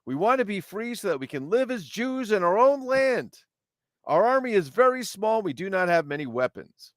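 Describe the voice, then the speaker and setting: Proud army commander for a kids' card, read aloud by a man in a higher put-on voice, slow and declaiming. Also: very animated, no echo, clean studio sound. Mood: rallying. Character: proud male army commander recruiting children. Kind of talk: reading a children's card aloud in character.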